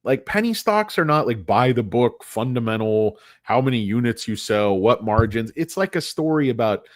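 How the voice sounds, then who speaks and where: A man's voice: mid-range voice, lively intonation, normal speed, no room sound. A man hosting a casual livestream show about stocks, rambling, joking and poking fun at himself. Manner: joking, rambling, self-mocking.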